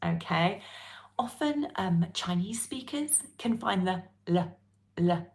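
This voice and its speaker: Unhurried British woman teaching pronunciation. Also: lowish voice. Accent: British English. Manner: lively, coaxing, drills sounds slowly and repeats them. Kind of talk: live online pronunciation lesson.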